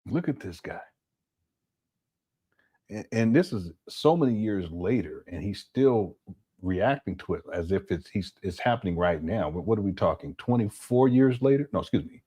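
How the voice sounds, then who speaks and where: Low husky man, dark tone, exasperated reaction commentary. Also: animated, moderate pace. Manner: exasperated, critical. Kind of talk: reaction commentary over clips.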